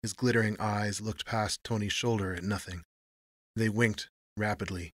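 Brief: man with a lowish voice, steady noir narration, dry close-miked sound. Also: moderate pace, no room sound. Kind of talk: scripted narration of a noir story.

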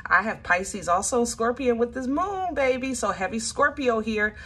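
A woman's voice: on the high side, lively intonation, normal speed, fairly bright tone, husky. A woman giving a casual, chatty tarot reading to her viewers, emphatic and often searching aloud for the right word. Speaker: tarot reader.

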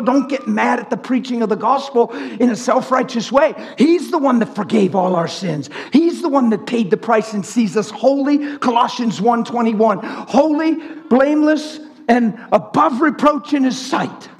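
A male preacher delivering a fervent, excitable sermon, swinging between shouting and hushed tones. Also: very high voice, normal speed, creaky, few pauses. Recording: reverberant hall.

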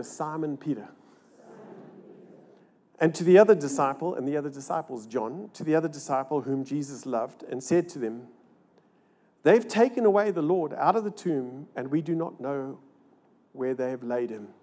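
Older male pastor for a church sermon; theatrical, dips from loud peaks to near-hushed asides, asks the congregation rhetorical questions. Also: normal speed. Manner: dramatic, swings between loud rises and hushed low lines. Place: church service.

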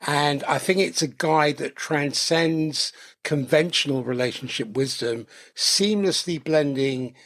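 A man hosting a podcast interview, speaking in measured, flowery phrases. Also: on the high side, a bit bright. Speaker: podcast host.

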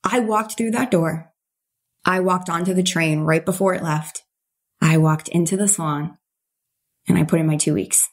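A woman's voice: fairly low pitch, moderate pace, long pauses. A middle-aged woman as a podcast guest, telling a personal story with animation and acting out the voices of the people in it. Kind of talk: storytelling in an interview.

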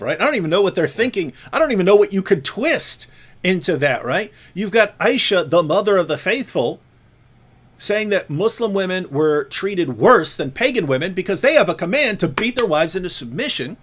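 Emphatic higher-voiced male host. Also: big pitch swings, fairly quick, fairly bright tone, breathy edge. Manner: emphatic, repeats points for stress, rhetorical questions. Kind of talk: polemical discussion with a co-host.

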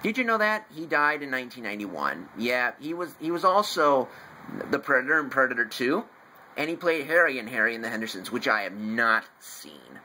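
A young man, in his teens, reviewing a movie at home in a rambling, excitable way, talking in bursts. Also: mid-range voice, fairly quick, poor audio. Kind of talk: casual home video review. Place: room at home, family in the house. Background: faint TV noise from downstairs.

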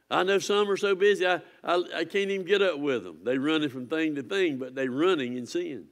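Man preaching; somewhat high voice, big swings from loud to hushed. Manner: impassioned preaching, rising to near-shouts and dropping low. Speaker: pastor. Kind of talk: sermon.

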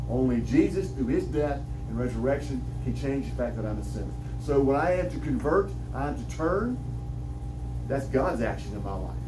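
A man preaching a sermon, teaching from the text with emphatic pauses. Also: mid-range voice, roomy sound, recorded from a distance, background noise. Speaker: pastor.

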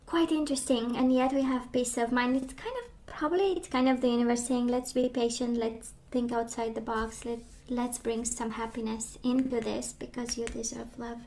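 A woman losing her voice gives a gentle, reassuring tarot reading, talking with many fillers. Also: on the high side, fairly even intonation, moderate pace, hardly any pauses, slight background noise. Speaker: tarot reader.

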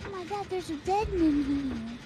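A woman's voice: very high voice, expressive, moderate pace, over music. A woman playing a game with friends, chatty and giggly with playful reactions. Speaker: co-player. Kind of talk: live gameplay chat.

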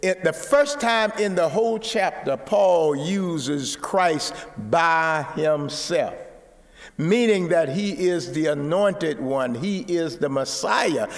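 Preacher man, slow and high, repeats himself, gets shouty, church hall echo. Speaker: pastor. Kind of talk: sermon.

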